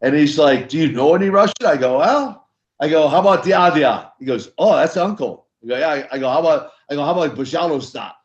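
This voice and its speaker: Animated older man telling stories. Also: on the high side, fairly quick. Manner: animated storyteller acting out dialogue. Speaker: guest, former wrestler turned minister. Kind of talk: storytelling interview. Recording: slightly dull lo-fi sound.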